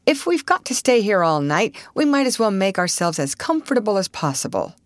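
Paul, a woman reading as a steady young man. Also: medium pitch, brisk, no room sound, voice pushed up, lightly acted. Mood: reassuring. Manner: calm, practical.

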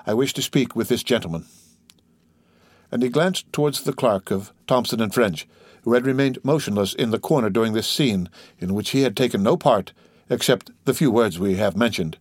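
A man's voice: medium pitch, brisk, darkish tone, no echo, studio quality. A man reading a classic novel aloud as an audiobook narrator, evenly and steadily. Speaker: audiobook reader. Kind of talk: scripted narration.

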